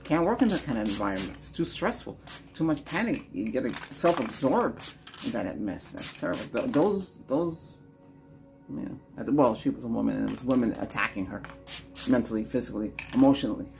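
A man leads a Reiki healing session, repeating soft, slow lines and then drifting into loose, rambling talk. His voice sits at an ordinary middle pitch, with faint music playing underneath. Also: expressive, creaky. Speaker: Reiki healer and channel host.

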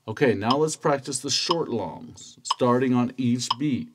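A man teaching a stringed-instrument lesson, calmly counting beats and chanting strokes. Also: mid-range voice, unhurried, loud music behind the voice. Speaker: music teacher. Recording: loud instrument playing under voice. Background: cavaquinho playing.

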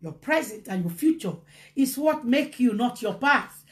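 Woman preacher, high voice, impassioned sermon, bursts of shouting, drops to hushed tones. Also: expressive, unhurried. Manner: impassioned, swings from shouts to hushed low lines. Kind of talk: motivational sermon.

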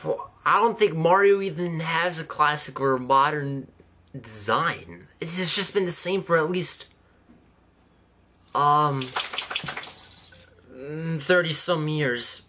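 A man's voice: on the high side, takes it slowly, long pauses, bright, forceful tone, a little hiss or hum. A man hosting a reaction video, talking casually in a sarcastic, mocking way and swearing freely.

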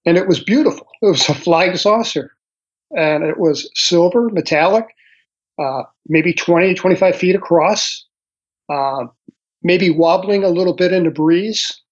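A man in his sixties, a guest author recounting a personal experience slowly and thoughtfully, pausing often with ums and uhs. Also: fairly high pitch. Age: 60s. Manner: slow, reflective storytelling with frequent pauses and fillers. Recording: dull lo-fi audio.

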